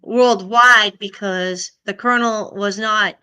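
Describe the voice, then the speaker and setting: Middle-aged woman hosting a live stream, chatty with viewers; bright, crisp voice. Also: mid-range voice, fairly even intonation, slow pace. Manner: chatty, greets and answers viewers' comments. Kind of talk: casual live stream chat.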